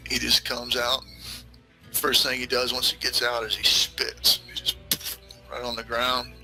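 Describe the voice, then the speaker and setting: A man's voice: medium pitch, completely flat delivery, a little slow, sharp tone, faint music behind, poor audio. A man, game master narrating a western tabletop game in a laid-back, vivid way.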